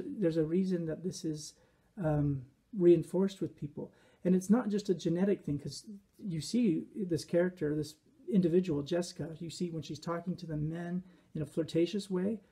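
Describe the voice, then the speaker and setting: A man's voice: a little high, warm tone, slightly rough. A man giving casual, rambling commentary on a reality show from a behaviorist's view, often acting out quotes. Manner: rambling, reflective, with quoted asides.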